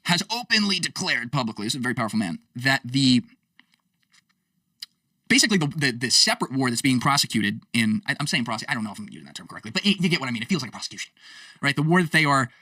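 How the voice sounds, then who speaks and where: A man giving casual political commentary on his stream, sarcastic and exasperated, with rapid asides. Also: medium pitch, very animated, sharp tone, dry recording, far from the mic.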